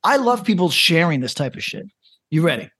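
A man with a fairly high voice co-hosting a casual podcast. He rambles and laughs as he reads out grim listener stories. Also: sing-song, a little fast, a bit bright, husky, no echo. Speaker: podcast co-host.

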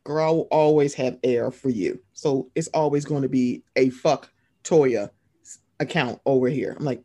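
A woman's voice: sits low, normal speed, dark tone. A woman co-hosting a casual recap podcast, blunt and sassy, cursing freely. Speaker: podcast co-host.

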